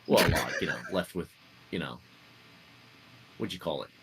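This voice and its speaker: Voicing a put-on Australian accent, a low-pitched man animatedly recounts his character's backstory for a tabletop roleplay at a measured pace. Rambling with plenty of fillers and "mate," he's heard over some background noise.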